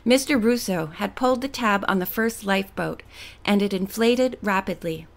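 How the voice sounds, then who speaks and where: A woman reading a teen novel aloud as an audiobook narrator, steady and expressive. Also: mid-range voice, normal speed, vocal fry.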